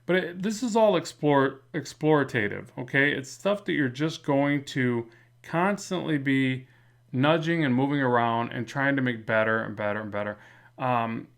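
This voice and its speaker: A man with a slight lisp, talking through a drawing in a relaxed, rambling way as a comic art instructor. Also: medium pitch, moderate pace, gravelly. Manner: relaxed, rambling, many fillers and restarts. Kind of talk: casual drawing tutorial narration.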